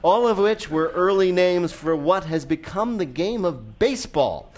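A man's voice: high-pitched, animated, measured pace, darkish tone. Playful man hosting a radio quiz. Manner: laughs often, reads questions playfully. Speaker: quiz show host.

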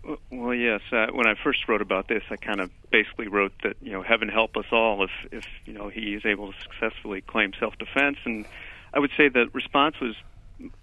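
Male columnist calling in over a thin phone line. Relaxed and reflective, with a lowish voice. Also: a little fast. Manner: relaxed and reflective, with stammered restarts. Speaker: newspaper columnist, guest. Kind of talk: conversational storytelling.

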